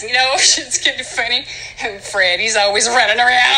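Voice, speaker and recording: Goofy, bright-voiced woman podcaster. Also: fairly high pitch, fairly even intonation, moderate pace, low-quality recording. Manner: goofy, loud, laughing, jumping between bits. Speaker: podcast host. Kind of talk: comedic rambling monologue.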